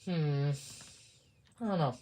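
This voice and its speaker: A man chatting casually on a live stream, rambling and halting, muttering to himself and trailing off between thoughts. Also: fairly high pitch, dark tone. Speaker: livestreamer.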